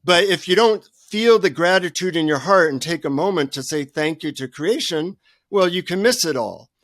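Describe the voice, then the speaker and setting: A man who is a guest author, telling humorous, animated stories in a remote interview. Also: high voice, moderate pace, dry recording, clean studio sound. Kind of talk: storytelling in an interview.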